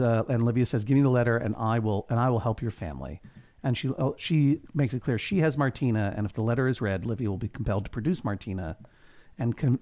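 A man's voice: mid-range voice, a little mellow. A man co-hosts a comedy podcast that recaps a television drama. He talks in a wry, playful way. Now and then he jumps briefly into character voices for the scenes he retells. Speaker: podcast co-host.

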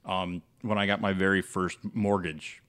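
Laughing man with a low voice. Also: flat delivery, normal speed, fairly bright tone. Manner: laughs often, rambling. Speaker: podcast host. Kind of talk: casual chat.

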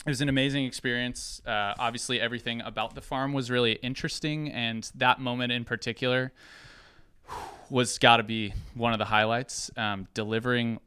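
A young man telling a personal story to an audience, lively and acting out the people in it. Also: medium pitch, brisk, clear, resonant tone, dry recording. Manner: lively, acts out quoted voices. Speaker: speaker sharing a personal story.

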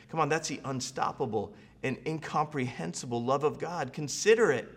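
A man's voice: a little high, moderate pace. A man preaching a sermon as pastor, building momentum with rhetorical questions and repetition. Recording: long reverb of a large hall.

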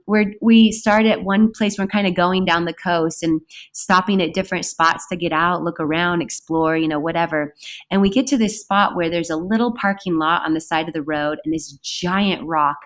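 A woman guest telling a story in a casual, animated way, with sudden shouted bursts. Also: lowish voice, normal speed. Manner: animated, breaks into loud shouted outbursts. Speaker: podcast guest.

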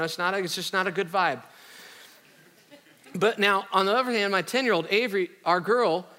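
Bright-voiced man preaching in a hall. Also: high-pitched. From Iowa, USA. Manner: conversational and joking, with casual slang. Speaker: pastor. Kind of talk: sermon. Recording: reverberant hall.

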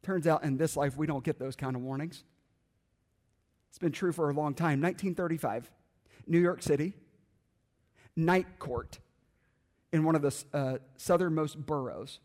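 A man delivering a sermon in a high, clear voice. He uses dramatic pauses and sinks to a hush to land his points. The sound rings with the long reverb of a large hall. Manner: dramatic pauses, quiet emphatic drops. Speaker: preacher. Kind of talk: sermon storytelling.

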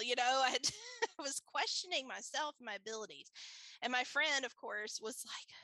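A chatty woman with a bright, slightly high voice talks through a personal story in a relaxed interview, laughing easily and leaning on fillers. The recording is close and dry, with no room sound. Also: normal speed, dry recording, rough recording. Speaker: guest.

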